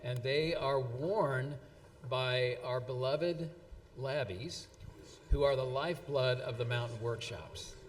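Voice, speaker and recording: A man's voice: medium pitch, slow pace, a little hiss or hum. A man giving a speech at an anniversary event, reading quotes with frequent fillers and restarts. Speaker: event presenter. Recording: long hall reverb.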